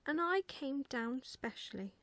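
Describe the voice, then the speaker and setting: Plop the excitable baby owl squeaks and chirps in a breathless, high little voice, all eagerness and indignation, as a woman puts him on in whispered role-play. The sound is dry and close, with no room around it. It belongs to a soft storybook reading. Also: a little slow, dry recording. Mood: indignant. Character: eager excitable young male barn owlet.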